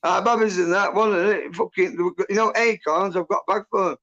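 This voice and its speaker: A man's voice: high voice, a little fast, fairly bright tone. A man telling a rambling, sweary, agitated story in casual chat. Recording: muffled lo-fi audio.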